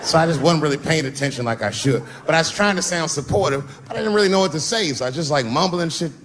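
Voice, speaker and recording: A man's voice: on the high side, quick pace, a little hiss or hum. A middle-aged man doing a stand-up routine on a theater stage, telling stories and acting out the other people in them. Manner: animated storytelling, acting out voices. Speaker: stand-up comedian. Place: theater stage before a laughing audience.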